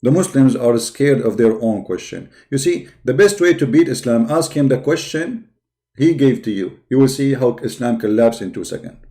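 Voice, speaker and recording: A man hosting a debate live stream mocks his audience, taunting viewers and daring them to call in. His voice is medium in pitch and mellow, with lively intonation and a moderate pace.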